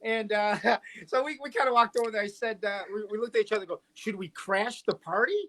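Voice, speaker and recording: A man's voice: high-pitched, steady tone, fast talker, pushed and bright. Man, video call, casual chat, teasing, rambling stories, many restarts. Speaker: guest friend calling in.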